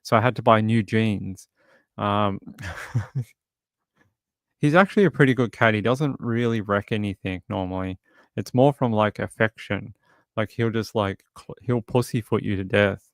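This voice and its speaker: Soft-spoken Australian man with a low voice. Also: unhurried, no echo, clean studio sound. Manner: soft, chatty and rambling, coos at his cat. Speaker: true crime streamer. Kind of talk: casual chat during a livestream. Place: home, indoors. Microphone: desk microphone.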